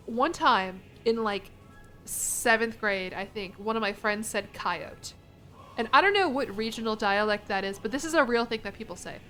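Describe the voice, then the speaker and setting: A young American woman chatting casually on a stream, animated and quick to laugh as she answers her chat. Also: on the high side. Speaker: vtuber streamer.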